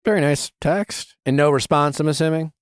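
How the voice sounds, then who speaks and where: A man's voice: on the high side, moderate pace, clear, resonant tone. A man hosting a podcast, asking probing questions in a conversational way. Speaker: podcast host. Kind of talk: interview questions.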